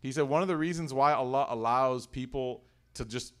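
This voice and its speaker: A man's voice: medium pitch, a little fast, clean tone. A man telling stories and explaining verses in a casual religious talk, quoting Arabic. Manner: earnest storyteller, quotes Arabic verses. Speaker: religious teacher and co-host.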